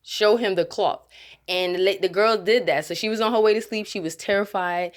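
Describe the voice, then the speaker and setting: A woman's voice: mid-range voice, fast. A woman telling a rambling, casual story to her viewers, laughing often and restarting her sentences. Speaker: vlogger.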